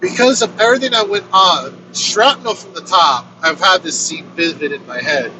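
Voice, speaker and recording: A man casually telling his own story on a road trip vlog, animated and swearing freely. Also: high voice, normal speed. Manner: animated, swears freely, acts out quoted lines. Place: inside a moving vehicle on a road trip. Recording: road noise from a moving vehicle.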